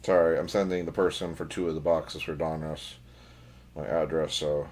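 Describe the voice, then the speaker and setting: Deep-voiced joking card-break host. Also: male voice, fairly even intonation, moderate pace, a little mellow. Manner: joking, teasing, chatty. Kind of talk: casual livestream banter.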